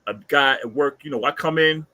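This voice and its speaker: A man in his fifties with a Bronx New York accent, co-hosting a casual chat and telling stories in an animated way, full of street slang. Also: on the high side, normal speed. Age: 50s. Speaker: co-host.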